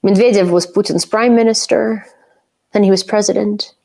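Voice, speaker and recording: A woman's voice: medium pitch, fairly even intonation, moderate pace, creaky, a little mellow. A young woman from Ukraine chatting casually on a live stream, reading viewer comments and laughing often.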